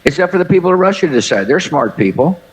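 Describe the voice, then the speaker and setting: Seventies man, former statesman guest; folksy, halting delivery, filler-heavy anecdotes. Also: on the high side, very animated, poor audio. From United States. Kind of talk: anecdotal interview answers.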